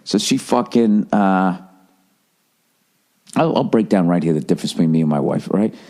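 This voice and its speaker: A middle-aged American man with a fairly low voice, ranting on a podcast. He swears freely, stumbles and restarts sentences, and keeps a loose comedic flow. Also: lively intonation, moderate pace, a little mellow. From United States. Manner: profane, ranting, with frequent restarts. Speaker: podcast host.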